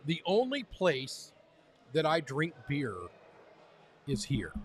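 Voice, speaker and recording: A man's voice: on the high side, sing-song, slow, a little hiss or hum. Joking, talkative man co-hosting over drinks. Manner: loud, joking, repeats himself. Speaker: podcast co-host. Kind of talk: casual chat over drinks.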